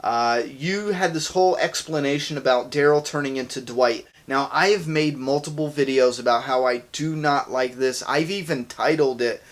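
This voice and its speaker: A man hosting a casual fan Q&A video, talking in an excited, rambling way with quick asides. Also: mid-range voice. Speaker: channel host answering viewer questions.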